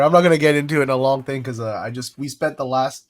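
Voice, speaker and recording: A young man hosts a laid-back podcast, sounding congested and a little hoarse as his voice recovers. He rambles along, restarting sentences and filling gaps with ums and likes. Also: medium pitch, brisk. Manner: rambling, lots of fillers and restarts. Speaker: podcast host. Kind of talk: casual podcast chat.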